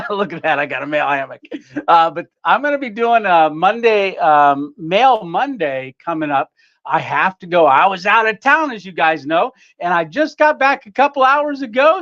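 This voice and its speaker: A man's voice: high voice, a bit bright, dull audio. Chatty man hosting a home livestream. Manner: chatty, greets viewers by name, frequent fillers and laughs. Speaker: livestream host. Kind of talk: casual live-stream chat. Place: home room.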